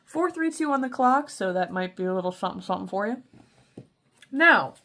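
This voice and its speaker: A woman's voice: medium pitch, animated, brisk, pushed and bright, a little hiss or hum. A woman giving a casual tarot and crystal reading in a playful, chatty way, calling her listeners baby. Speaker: tarot reader.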